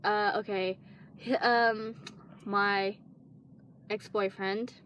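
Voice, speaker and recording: A woman's voice: mid-range voice, flat delivery, very slow, fairly bright tone. A teenage girl casually telling a long personal story, rambling with lots of fillers and restarts. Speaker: vlogger.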